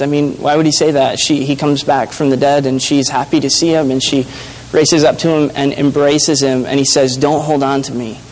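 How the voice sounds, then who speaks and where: A man preaching a sermon in an earnest, halting way, with frequent restarts and fillers. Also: on the high side, slight background noise, rough recording. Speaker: pastor.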